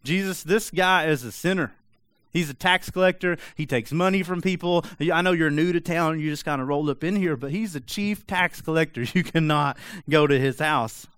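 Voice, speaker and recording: A man's voice: fairly high pitch, normal speed, fairly bright tone, smooth, no room sound, close to an everyday voice. A man voicing an indignant, complaining religious crowd with a scornful manner, in a sermon retelling.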